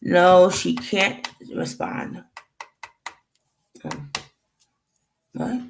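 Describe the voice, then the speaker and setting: A woman's voice: on the low side, wildly swooping pitch, drawn-out words, creaky, slight background noise, low-quality recording. A woman telling a painful family story to the camera in a rambling way, acting out the dialogue and fighting back tears. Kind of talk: emotional personal storytelling.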